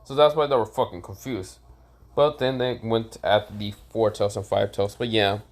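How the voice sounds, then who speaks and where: A man's voice: lowish voice, fairly even intonation, moderate pace. A man at home spins an improvised fan story off the cuff. He rambles, swears freely and stops to correct himself as he goes. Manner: rambling, profane, self-correcting.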